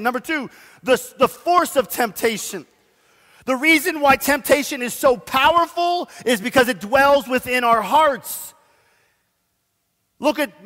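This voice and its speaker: A man's voice: very high voice, sharp tone. A man preaching a sermon as pastor, telling stories with self-deprecating asides and urging the congregation. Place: church sanctuary. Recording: long church hall reverb.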